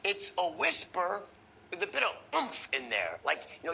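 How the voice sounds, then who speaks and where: A man teaching a sales training session, animated and profane, acting out the tones of voice he teaches. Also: high-pitched, moderate pace, creaky, slight background noise, low-quality recording.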